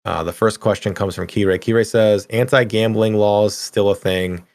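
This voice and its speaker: Middle-aged male podcast co-host: low, gravelly, dry close sound, ranty casual gamer energy. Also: normal speed, no room sound. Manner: animated, ranting, swears casually. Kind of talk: casual gaming podcast chat.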